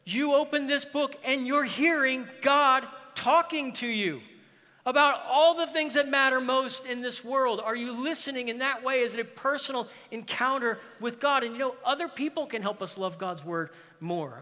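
Bright-voiced preacher in a reverberant hall. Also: male voice, extremely high pitch, a little fast. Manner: earnest, emphatic preaching with rhetorical questions. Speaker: pastor. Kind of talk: sermon.

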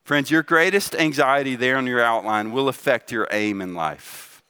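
A man's voice: mid-range voice, normal speed, bright, forceful tone, clean tone. A middle-aged man preaching a sermon in a conversational way, asking the congregation questions and often adding "right?". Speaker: pastor.

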